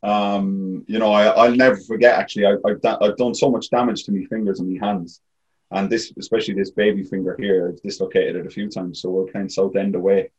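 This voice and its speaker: A very low-voiced Irish man, a former goalkeeper, talks as a guest. He tells his stories in a rambling, casual way and leans on fillers like "you know.". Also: flat delivery, a little fast, a little mellow, lo-fi sound. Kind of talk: casual storytelling.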